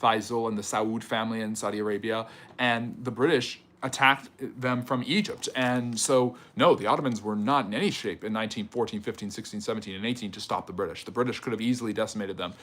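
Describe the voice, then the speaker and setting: A man hosting a livestream history lecture, answering chat questions in a conversational way with fillers and quick rebuttals. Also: fairly low pitch, a bit bright.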